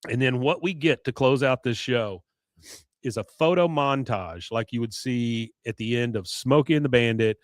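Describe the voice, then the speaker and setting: Clearing his throat repeatedly as his voice grows hoarse, a man co-hosting a podcast loosely rambles through an episode recap. His voice sits in the mid range at normal speed, captured in clean studio sound without any room echo.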